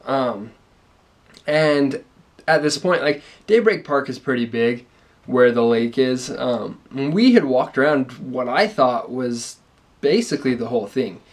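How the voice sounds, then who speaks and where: A man's voice: medium pitch, lively intonation, measured pace. Brief: young man, easygoing rambling storyteller, mid-range voice, casual vlog chat. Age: young adult. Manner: laid-back, rambling, lots of ums. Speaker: vlogger's fiancé.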